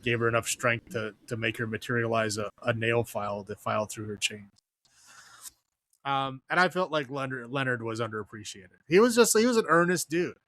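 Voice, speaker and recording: A man co-hosting a podcast, chatting casually and ramblingly about movies and acting out characters in quick quotes. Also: mid-range voice, fairly bright tone. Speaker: podcast co-host. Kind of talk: casual film review chat.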